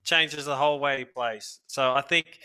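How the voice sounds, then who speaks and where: Bright-voiced relaxed male podcast guest. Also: medium pitch, moderate pace, clear, resonant tone. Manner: relaxed, laughing, animated when telling stories. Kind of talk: casual podcast chat.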